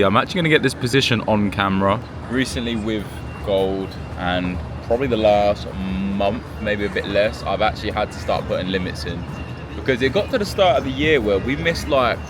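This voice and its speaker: A man from the UK, a gold trader and trading mentor, talking casually to camera in an excitable, slangy way and swearing freely. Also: lowish voice. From United Kingdom. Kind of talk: casual vlog talk to camera. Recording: noisy background.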